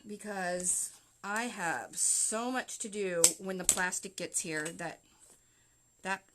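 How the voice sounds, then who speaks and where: A woman's voice: mid-range voice, slow, noisy background. A Canadian woman chatting casually with live viewers as she walks through a wreath craft step by step. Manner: chatty, talks to viewers while working. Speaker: wreath-making livestream host.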